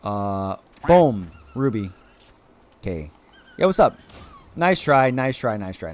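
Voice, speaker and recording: A man streaming a video game live, chatting excitedly to viewers and cheering on his creatures, with sudden high-pitched exclamations. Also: measured pace. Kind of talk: live gameplay commentary.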